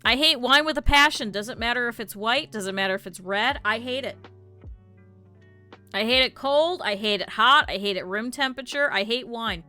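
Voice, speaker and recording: A woman streamer chatting casually to her live chat, blunt and swearing freely, with lively quoted asides. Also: a little high, normal speed, soft background music.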